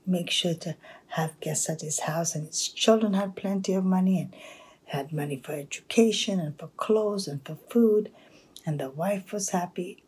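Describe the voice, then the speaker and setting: A woman telling a folktale aloud, narrating in a hushed, half-whispered way with pauses. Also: on the low side, slightly rough. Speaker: storyteller. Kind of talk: oral storytelling.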